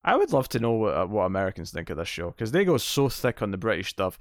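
A man co-hosting a podcast, chatting casually and giving animated, opinionated takes with jokes along the way. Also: on the low side, no room sound, clean studio sound. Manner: animated, opinionated, quick to joke. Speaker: podcast co-host. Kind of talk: casual chat.

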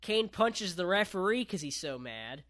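A man's voice: sits high, sing-song, measured pace, fairly bright tone. A man casually recapping a wrestling match on a podcast, laid-back, with lots of ums and casual swearing.

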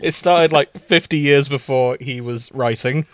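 A man co-hosting a comedy podcast, making wry, deadpan remarks in casual banter. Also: mid-range voice, a little slow, clear, resonant tone, dry recording. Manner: wry, deadpan fact-checking. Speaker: podcast co-host.

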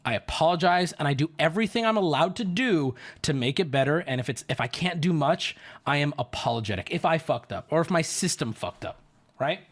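A man's voice: fairly high pitch, expressive, fairly quick. A man streaming, telling a story to his chat in an indignant, profane rant. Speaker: livestreamer.

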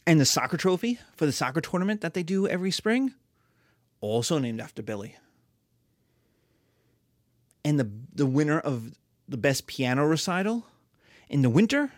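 A woman history teacher giving an animated, storytelling lecture. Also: deep voice, no room sound, studio quality. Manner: lively, storytelling, acts out voices.

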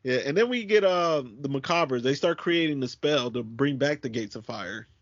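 A man's voice: medium pitch, lively intonation, moderate pace, dry recording. A man co-hosting a cartoon podcast, laid-back and agreeable, adding plot details. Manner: laid-back, lots of yeahs and laughs. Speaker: podcast co-host. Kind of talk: casual chat. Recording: dry, dull lo-fi sound.

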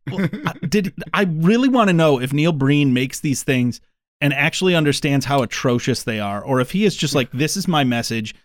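A man's voice: on the high side, animated, moderate pace, dry recording. A man hosting a podcast in casual chat, rambling with restarts and swearing freely. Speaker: podcast host.

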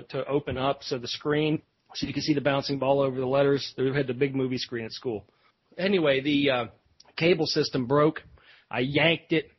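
A man's voice: medium pitch, slightly rough, no room sound. A man hosting a podcast, telling a rambling story with lots of fillers and restarts. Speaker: podcast host. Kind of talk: casual storytelling. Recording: dull lo-fi podcast audio.

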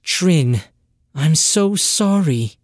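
A narrator voicing a young woman, a worried and loving sister who speaks with a rasping, tearful voice. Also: mid-range voice, unhurried, darkish tone, dry recording, clean studio sound, close to an everyday voice. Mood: remorseful. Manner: pleading, tearful.

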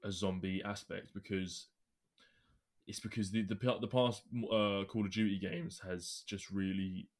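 Young man, very low voice, hesitant casual gamer. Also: fairly even intonation. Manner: halting, many restarts and fillers. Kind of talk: casual gaming chat.

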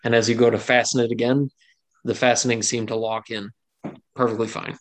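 A man's voice: medium pitch, level tone, a little fast. A man narrating a tabletop game as game master, casual and rambling.

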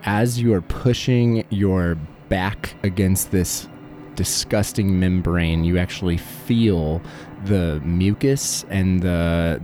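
Mellow low-voiced male game master. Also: a little hiss or hum. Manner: vivid, playful narration with frequent laughs. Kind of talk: narrating a tabletop horror game.

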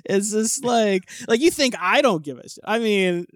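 Animated, laughing man co-hosting a podcast. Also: high voice, normal speed, no room sound. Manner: animated storyteller, laughs often, swears casually. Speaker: podcast co-host. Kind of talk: casual podcast chat.

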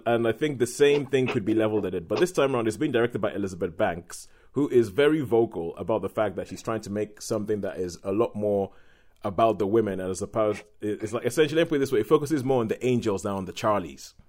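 A man with a lowish voice co-hosting a casual film-review podcast. He talks in an animated way and laughs often. He slows down to stress his points. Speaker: podcast co-host.

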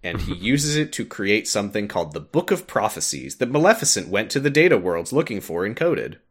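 A man with a fairly low voice that jumps around a lot in pitch, talking through a game's story in casual podcast chat. He laughs often and leans on little "uh"s as he explains. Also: fairly quick, husky. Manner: animated, laughs often, recaps with filler "uh".

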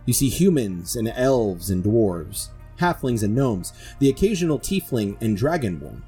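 Mellow, husky-voiced male game master narrating. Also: on the low side, big pitch swings, soft background music. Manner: descriptive, measured storytelling. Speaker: dungeon master. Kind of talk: narrating a tabletop game podcast.

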